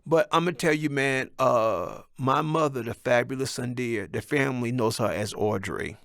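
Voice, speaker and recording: A man in his sixties speaks to his viewers in a candid, rambling monologue. His voice is gravelly and has a clear fry in it, and he is blunt and reflective. The recording is close and dry. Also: mid-range voice, no echo. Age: 60s. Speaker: vlogger.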